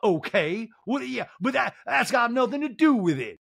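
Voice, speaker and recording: A man's voice: very high voice, big pitch swings, moderate pace, vocal fry, fairly bright tone, slightly rough, no room sound, clean studio sound, pitched above the performer's own voice, full character voice. A man doing a mocking impression of an indignant, prissy society woman who shrieks and repeats herself.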